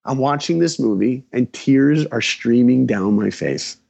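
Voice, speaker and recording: A man in his forties from New York, a podcast guest telling his story in an animated, emphatic way. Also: mid-range voice, unhurried, creaky, muffled recording. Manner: acts out dialogue, emphatic.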